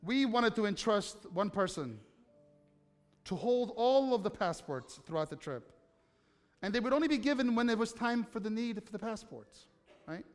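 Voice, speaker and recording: A man's voice: sits high, sing-song, moderate pace, faint music behind. A man preaching a sermon as pastor, telling stories conversationally and putting questions to the congregation. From United States. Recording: long hall reverb.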